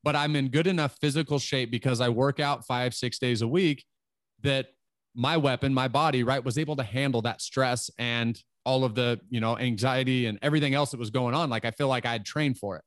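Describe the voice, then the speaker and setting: In his late thirties, a podcast host conducts a casual interview, speaking earnestly but rambling with lots of "like" fillers. His voice is medium-pitched and fairly even, a little fast, recorded at studio quality with no echo.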